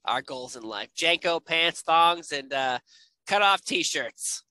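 A woman co-hosting a casual wrestling reaction chat, animated and acting out quotes. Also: sits low, slow, dry recording. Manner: animated, acts out quoted voices. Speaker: wrestling show co-host.

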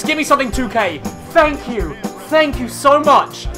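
Excitable guy yelling at his basketball game, high voice that jumps all over, music going behind. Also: normal speed. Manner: hyped, shouts and swears at the game. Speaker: gamer. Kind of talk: excited gameplay commentary.

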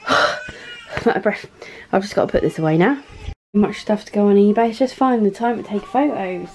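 A woman's voice: medium pitch, expressive, fast, dark tone, a little hiss or hum. A woman, chatting casually to camera while doing chores around her family home. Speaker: vlogger, mother of four. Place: family house, indoors.

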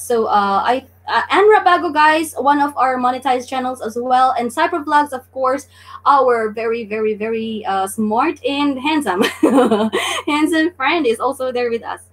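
This high-pitched woman from the Philippines keeps a measured pace while hosting a casual Japanese class on a live stream. Her delivery is chatty and full of fillers, with "guys" cropping up often.

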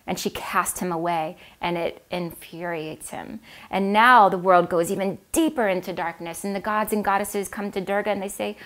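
A woman telling an old myth aloud, with expressive, dramatic emphasis on key moments. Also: mid-range voice, normal speed, hardly any pauses. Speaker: storyteller. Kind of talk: oral myth storytelling.

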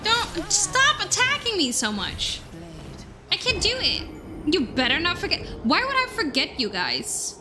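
A young woman streaming a game live, chatting with her viewers in an excitable way and swearing now and then, with faint game music behind her. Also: very high voice, a little slow. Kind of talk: casual live-stream chat while gaming.

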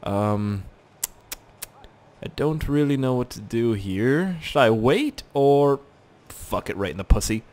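A man's voice: mid-range voice, expressive, slow, darkish tone. A young man casually commentating a video game, goofy and joking, swearing freely. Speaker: gaming channel host. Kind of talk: casual let's play commentary.

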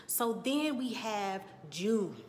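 Animated woman recapping a TV episode. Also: medium pitch, slow pace, slight background noise. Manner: animated storytelling, acting out characters' lines with exclamations. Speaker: TV recap vlogger. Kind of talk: casual episode recap and review.

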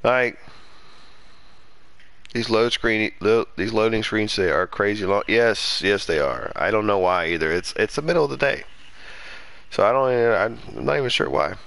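A man streaming a game live, chatting casually, swearing freely and swinging between loud indignant rants and low muttering. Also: moderate pace, creaky. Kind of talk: casual live gaming commentary.

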